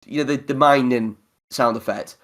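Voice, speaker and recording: A man at a medium pitch, with a somewhat bright tone and normal pace, hosts a relaxed podcast chat. He swears heavily and keeps restarting sentences and using fillers.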